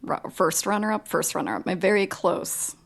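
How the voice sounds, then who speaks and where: Gravelly-voiced woman podcast co-host. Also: medium pitch. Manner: unhurried, hesitant, lots of ums. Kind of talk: casual chat.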